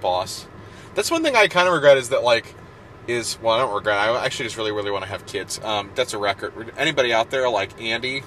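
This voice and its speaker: A man's voice: mid-range voice, animated, fast talker, fairly bright tone, a little hiss or hum, poor audio. A man hosting a podcast in casual chat, rambling and joking, often breaking off mid-sentence. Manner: rambling, joking, self-interrupting. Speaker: podcast host.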